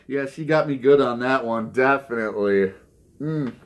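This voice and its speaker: A man hosting a vinyl record channel, telling mock news jokes and chatting about his finds, laughing at his own gags. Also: takes it slowly. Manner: goofy, laughs at his own jokes, lively pitch swings. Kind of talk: casual joking news segment and haul chat.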